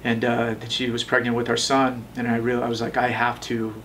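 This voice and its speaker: A man in his thirties telling his own story in a relaxed interview, rambling with many fillers and acting out the voices of the people he quotes. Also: mid-range voice, a little fast, recorded from a distance, a little hiss or hum, low-quality recording. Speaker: tattoo shop owner telling his story.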